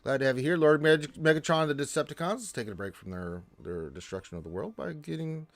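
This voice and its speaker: A man hosting a casual gaming live stream, reading viewer chat in a loose, chatty way with restarts and sudden lifts in pitch. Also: lively intonation, fast talker, no room sound.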